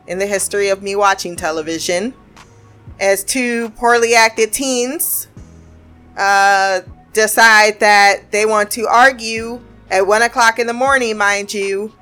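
A woman's voice: on the high side, sharp tone. Sarcastic woman reviewing a TV show. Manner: sarcastic, blunt, swears freely. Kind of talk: casual review commentary.

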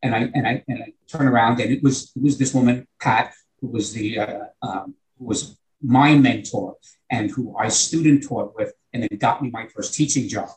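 A man's voice: mid-range voice, normal speed, darkish tone, poor audio. An older man with a New York accent, a retired teacher telling a long, earnest anecdote in conversation. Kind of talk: conversational storytelling.

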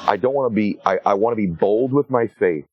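Husky 40s guy chatting about his book, lowish voice, dry close sound, jumps up high when he makes a point. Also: fairly quick, no echo, highs cut off, soft background music. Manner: animated storyteller, rises sharply in pitch to make a point. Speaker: author and guest. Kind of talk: casual interview conversation.

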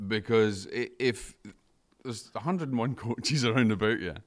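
A man's voice: medium pitch, moderate pace. A man with a Scottish accent, a leadership mentor speaking as a podcast guest in a self-deprecating way. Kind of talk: casual interview chat.

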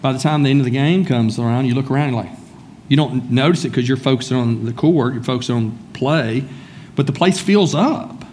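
A man's voice: mid-range voice, fairly quick, a little mellow, a little hiss or hum. A man preaching a sermon in a church, speaking conversationally and calling on listeners by name. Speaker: pastor.

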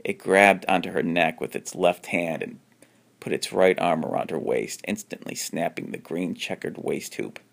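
Man, deep voice, gravelly, amateur story reading, frequent restarts. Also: normal speed, a bit bright. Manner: jumps up in pitch for characters' lines. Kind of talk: reading a homemade horror story aloud.

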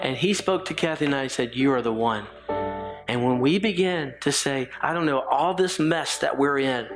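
A man's voice: fairly high pitch, normal speed. Middle-aged male pastor, fervent repetitive sermon delivery, light music bed. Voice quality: repetitive, building emphasis. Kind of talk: sermon and prayer.

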